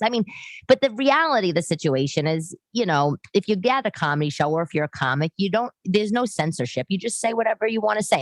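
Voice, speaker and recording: Middle-aged woman podcast host, low-pitched, rambling and self-deprecating, dry room. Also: dry recording. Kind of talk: casual solo chat. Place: living room.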